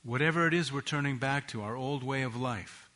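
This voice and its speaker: Man, sermon, earnest and measured, bright clear tone, slows for emphasis. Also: mid-range voice. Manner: earnest, measured preaching with slowed emphasis on key phrases. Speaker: preacher.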